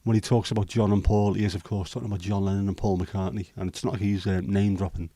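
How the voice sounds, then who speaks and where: Here's a Liverpool livestream host chatting casually through comments, his banter rambling and hesitant, with a swear thrown in now and then. He has a lowish, warm voice with little pitch movement and a quick pace, and there's no echo.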